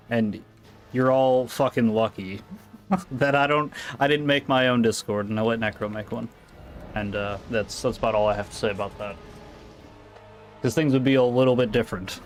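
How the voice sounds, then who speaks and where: A man's voice: lowish voice, steady tone, a little fast. American man, game streamer, rambling casual chat, faint music underneath. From United States. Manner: rambling, reacting to chat with asides. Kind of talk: casual live-stream chat while gaming.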